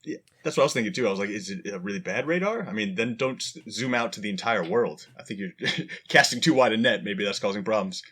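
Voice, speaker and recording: A man's voice: on the low side, lively intonation, fast talker, hardly any pauses, a bit bright, slightly rough. A man in a casual podcast chat, joking and acting out his own reactions. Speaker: podcast co-host.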